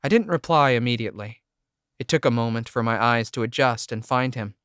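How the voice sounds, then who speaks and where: A man reading a first-person audiobook narration in a steady, measured way. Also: medium pitch, clear, resonant tone, no room sound, clean studio sound.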